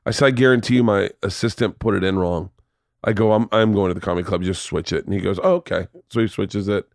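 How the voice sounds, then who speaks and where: Animated storytelling man, dry close sound. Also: fairly low pitch, fast talker, dry recording. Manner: animated, swears freely, acts out voices in stories. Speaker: podcast host. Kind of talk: casual storytelling chat.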